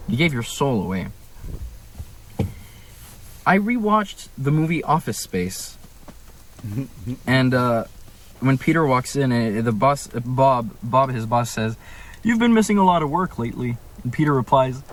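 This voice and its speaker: A man's voice: mid-range voice, slight background noise. A young man from Canada, speaking in a casual vlog from a room at home, ranting with emphatic rhetorical questions. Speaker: vlogger.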